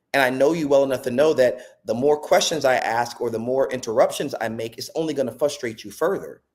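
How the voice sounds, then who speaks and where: A man in a podcast conversation, talking in a reflective, animated way, with preacher-like repetition and acted quotes. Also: mid-range voice. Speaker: podcast guest speaker.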